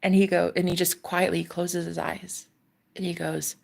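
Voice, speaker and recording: A woman vlogger casually telling a personal story to her viewers, animated and swearing, often dropping into a whisper. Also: lowish voice, normal speed, gravelly.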